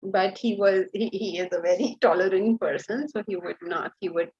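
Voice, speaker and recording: A woman giving a class lecture as a Vedanta teacher, lively and asking her students rhetorical questions. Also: mid-range voice, normal speed, highs cut off.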